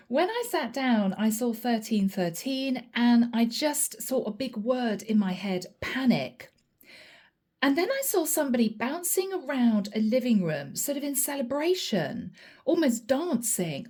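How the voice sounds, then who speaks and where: Casting: middle-aged woman, fairly high but mellow voice, chatty reader speaking to camera. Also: very animated, unhurried. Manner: chatty, repeatedly addresses the listener by sign. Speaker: tarot reader. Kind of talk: channeled reading to camera.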